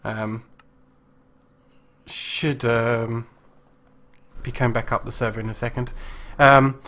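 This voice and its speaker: A man talks casually on a live game stream, rambling through his thoughts with plenty of pauses and restarts. His voice sits at an ordinary middle pitch. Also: steady tone, sharp tone. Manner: rambling, lots of ums and restarts. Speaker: streamer hosting a live show.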